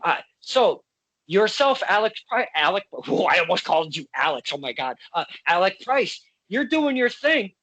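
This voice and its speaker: A man hosting a casual wrestling interview over a video call, excitable and stammering, often repeating his words as he talks. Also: high voice, moderate pace. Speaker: interviewer, podcast host.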